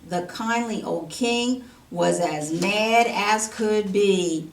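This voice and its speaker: A woman's voice: mid-range voice, takes it slowly, few pauses, a little hiss or hum. A woman teaching Sunday school, reading a rhyming children's story aloud in a sing-song cadence. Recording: roomy, from a distance.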